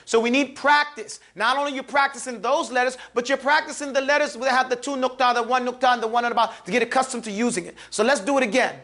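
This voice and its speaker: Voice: high-pitched, fairly even intonation, quick pace, hardly any pauses, a bit bright. An Arabic reading teacher in a live classroom, teasing the class and stressing each letter sound. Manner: emphatic, teasing, calls out letters for the class to repeat. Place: classroom with students.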